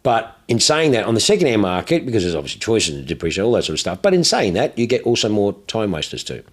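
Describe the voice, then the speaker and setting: A man's voice: on the low side, big pitch swings, quick pace, breathy edge. A man with an Australian accent, a car dealer telling blunt, profane anecdotes in casual chat.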